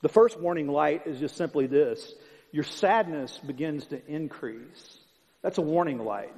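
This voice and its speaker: Pastor, male, higher-pitched, punchy repetitive sermon delivery in a reverberant church hall. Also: lively intonation, measured pace, vocal fry, darkish tone. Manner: emphatic, conversational preaching with repetition. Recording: long hall reverb, dull sound.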